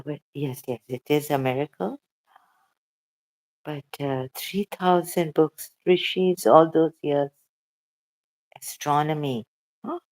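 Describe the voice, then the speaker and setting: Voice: medium pitch, a little mellow. A channel host talking emotionally and hesitantly in a casual livestream chat.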